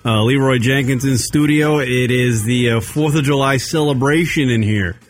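A man's voice: mid-range voice, moderate pace, soft background music. Rambling profane radio host man. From Long Island, New York. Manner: rambling, profane, many fillers. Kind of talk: casual radio chat. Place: radio studio.

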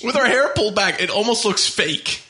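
A man's voice: high voice, lively intonation, a little fast, sharp tone, breathy edge. A man co-hosting a casual talk show, teasing and mocking with frequent giggles. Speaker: podcast co-host. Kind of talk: casual profane banter.

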